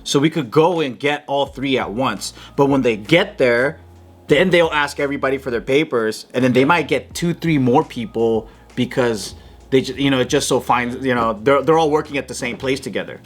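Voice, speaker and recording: A man's voice: medium pitch, moderate pace. Rambling man on a comedy panel. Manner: rambling, lots of "like" and restarts. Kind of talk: casual comedy panel chat.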